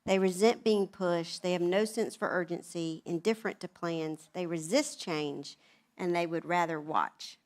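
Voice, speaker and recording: A woman's voice: fairly low pitch, unhurried. A woman around sixty, giving a chatty, humorous personal talk at a women's event. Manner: animated, chatty storytelling.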